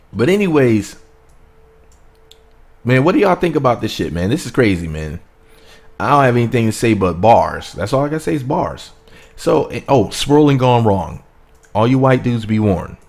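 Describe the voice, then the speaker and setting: A young man doing a casual commentary vlog, reading quotes aloud and hyping them up with animated reactions. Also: medium pitch. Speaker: celebrity gossip vlogger.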